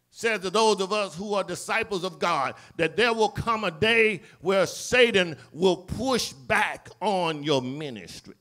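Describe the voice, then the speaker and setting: A male pastor with a Southern accent, preaching a sermon and acting out the dialogue of biblical scenes, swinging between loud cries and low murmurs. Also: animated, a little slow, hardly any pauses. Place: church sanctuary.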